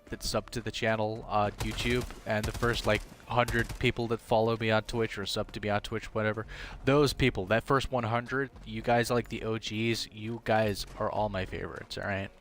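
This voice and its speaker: A man's voice: lowish voice, steady tone, normal speed, a bit bright. A man streaming a game live, chatting casually with his viewers in a rambling way, full of fillers and restarts. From half British.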